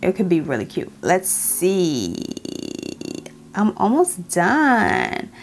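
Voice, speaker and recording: A woman's voice: medium pitch, sing-song, a little slow, slight background noise. A young woman with a New York accent chatting casually in a Q&A vlog, sassy and repeating lines for emphasis. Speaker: beauty YouTuber.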